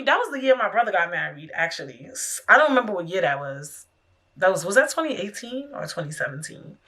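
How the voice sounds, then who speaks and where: Bright-voiced young woman podcast host. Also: on the high side. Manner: animated, frank and profane, frequent laughter. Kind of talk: casual solo podcast chat.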